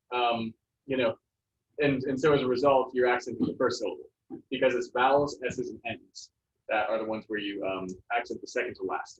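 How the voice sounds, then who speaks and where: A man's voice: mid-range voice, a little hiss or hum. Man teaching Spanish in an echoey classroom. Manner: relaxed, jokey, many fillers. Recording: roomy, distant, muffled classroom sound.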